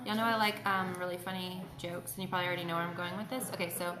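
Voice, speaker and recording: A woman's voice: fairly low pitch, fairly even intonation, rapid-fire, music in the background. A woman hosting a casual live makeup tutorial from home. She chats away and greets viewers by name. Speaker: beauty host. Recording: roomy echo.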